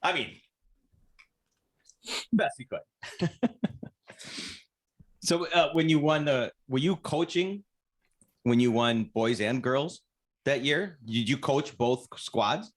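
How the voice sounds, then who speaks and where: A man's voice: medium pitch, slow pace, long pauses. A man co-hosting a podcast, easygoing in casual chat, asking follow-up questions. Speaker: podcast co-host.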